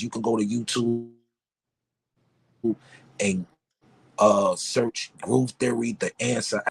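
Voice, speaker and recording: A man's voice: mid-range voice, vocal fry, husky, no room sound. A middle-aged man from Harlem, a guest rapper telling a laid-back, profane story. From Harlem, New York. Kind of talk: casual storytelling.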